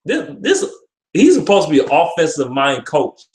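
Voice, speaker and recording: A man's voice: on the high side, big pitch swings, a little fast, a little mellow. A young man ranting with frustration about his football team, profane and repetitive. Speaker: sports fan vlogger. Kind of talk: ranting sports commentary. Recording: echoey room.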